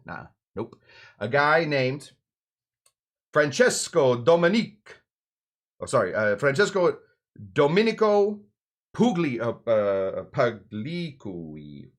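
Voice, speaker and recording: A man's voice: lowish voice, a bit bright. A man hosting a cocktail show who tells drink history in a rambling, joking way, often breaking into playful voices for the people in his story. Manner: rambling, jokey, acts out voices in anecdotes. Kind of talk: casual storytelling lesson.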